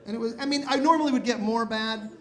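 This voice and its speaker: A man in his thirties doing a stand-up comedy set in a comedy club, with animated, exasperated ranting that climbs to loud outbursts. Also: very high-pitched, fast talker. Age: 30s.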